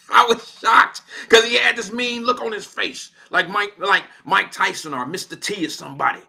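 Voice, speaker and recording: An American man with a high, bright and forceful voice hosts a radio show from the studio. He tells a story in an animated, slangy, casual way. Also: moderate pace, vocal fry, husky. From Cincinnati, Ohio, USA. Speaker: radio host.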